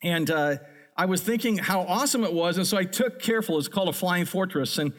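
A middle-aged man preaching a sermon, telling a childhood story in an animated, storytelling way. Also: high voice, fairly quick. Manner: animated storyteller, builds to excited peaks. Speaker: pastor.

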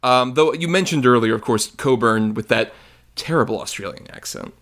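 Excitable man chatting about movies. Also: medium pitch, normal speed. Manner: excitable, swears freely, acts out movie scenes. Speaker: podcast co-host. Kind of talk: casual film discussion.

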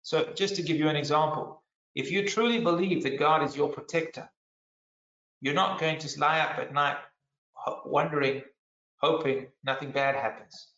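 A man with a high, bright voice preaches in a sermon. He is earnest and emphatic, and he repeats and restarts phrases as he drives his point. The sound is roomy and a little dull. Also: moderate pace. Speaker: pastor.

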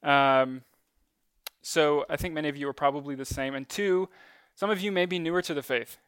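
A man's voice: on the high side, fairly even intonation, moderate pace, fairly bright tone, clean tone, dry recording. A man preaching a casual sermon to a church gathering, talking conversationally with frequent ums and light self-deprecating asides.

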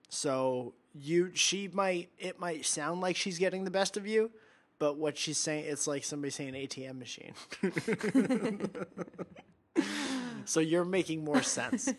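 A man's voice: on the high side, lively intonation, a little slow. A man co-hosting a podcast in casual chat, rambling and jokey and laughing often. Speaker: podcast co-host.

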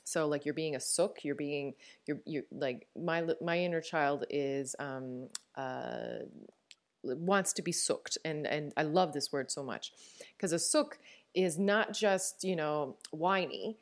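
Woman in her thirties with a Newfoundland accent, podcast host, candid and chatty, fairly low voice, laughs easily. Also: takes it slowly. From Newfoundland, Canada. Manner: warm and candid, laughs often, frequent fillers and restarts. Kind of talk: reflective personal podcast talk.

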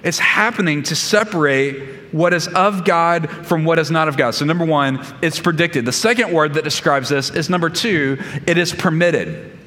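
Pastor, male, slightly high voice, emphatic sermon with repeated points, long hall reverb from a church sanctuary. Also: normal speed, bright, forceful tone. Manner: emphatic, repeats key phrases, numbered points.

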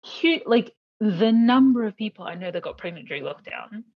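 A woman chatting casually on a podcast, animated, with laughing asides. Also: medium pitch, normal speed. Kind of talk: casual chat. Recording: dull, muffled sound.

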